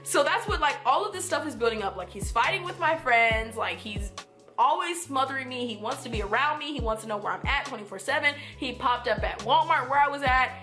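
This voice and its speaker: A young woman with a high, bright voice rattles through a casual storytime, animated and blunt, swearing freely. She acts out what everyone said as she goes. Faint music plays behind her. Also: a little fast.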